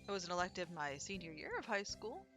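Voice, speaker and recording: A woman's voice: on the low side, expressive, quick pace, over music. A young adult woman chatting casually over a game, rambling into stories. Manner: chatty, rambling anecdotes with acted quotes. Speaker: let's play streamer. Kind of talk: casual gameplay commentary.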